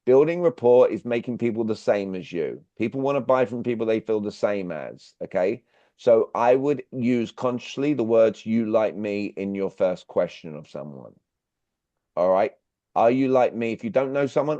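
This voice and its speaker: A man's voice: lowish voice, normal speed, dark tone, dry recording. Man teaching sales on a dull call. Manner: direct, drilling questions at listeners. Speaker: workshop speaker. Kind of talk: online sales workshop talk. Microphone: video call. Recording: dull, dry video-call audio.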